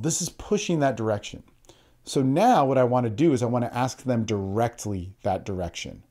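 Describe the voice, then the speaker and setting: A man's voice: mid-range voice, mellow. Earnest man coaching on social anxiety. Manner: earnest, repeats words, shifts into quoted example speech. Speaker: podcast host and social skills coach. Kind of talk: tutorial talk with acted example lines.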